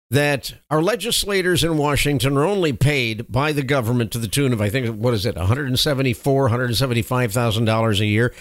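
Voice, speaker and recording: Lively, emphatic American commentary man. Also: medium pitch, no echo, clean studio sound. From United States. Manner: editorializing, emphatic asides. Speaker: political commentator. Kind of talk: opinionated monologue reading news.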